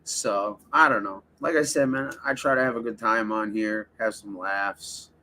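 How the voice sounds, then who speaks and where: A man's voice: fairly low pitch, fairly even intonation, normal speed, sharp tone, a little hiss or hum. A man hosting a casual livestream, rambling and swearing as he talks straight to his chat. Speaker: livestream host.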